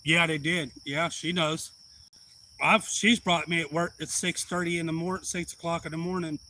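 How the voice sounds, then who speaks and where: Blunt man with a bright voice. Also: a little high, steady tone, normal speed, slight background noise, rough recording. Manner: rambling, blunt and profane, with heated retelling. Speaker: live stream host. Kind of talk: casual storytelling on a live stream.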